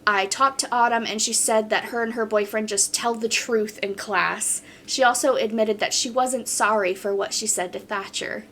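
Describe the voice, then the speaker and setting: A woman's voice: a little high, steady tone, normal speed, hardly any pauses, a bit bright, a little hiss or hum. A woman hosting a podcast in casual chat, reading posts aloud and reacting bluntly.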